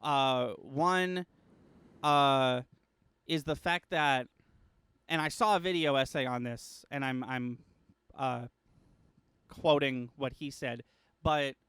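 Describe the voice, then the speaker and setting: A man's voice: on the high side, a bit bright, smooth, dry recording. A young man co-hosting a casual film podcast, thoughtful and hedging, swearing casually as he lays out his ideas. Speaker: podcast co-host.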